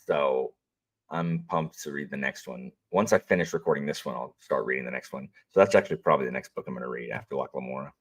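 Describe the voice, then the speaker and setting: A man's voice: very deep voice, fast, husky. A man chatting casually on a livestream, rambling with many fillers and restarts as he greets viewers and talks about what he is reading. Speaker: audiobook narrator and livestream host.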